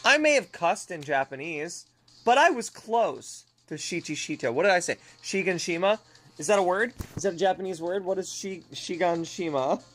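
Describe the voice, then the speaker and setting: A woman's voice: lowish voice, lively intonation, brisk, soft background music. A young woman streamer chatting casually and laughing at herself while playing a game. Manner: giggly, self-mocking, chatty.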